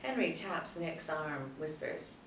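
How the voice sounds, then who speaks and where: A woman reads screenplay action lines in a steady, plain way, her voice very low for a woman. She sounds distant in a roomy space, with a faint hum beneath. The reading stays even throughout. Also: slow. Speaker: narrator reading stage directions. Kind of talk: screenplay table read narration.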